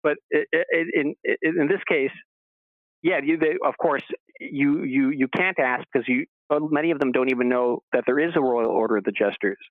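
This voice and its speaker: Over a dry phone line with no echo, a man with a mid-range voice speaking at normal speed is a radio show guest. His story runs long and rambling, broken by stammered restarts. He voices the people he quotes as he goes.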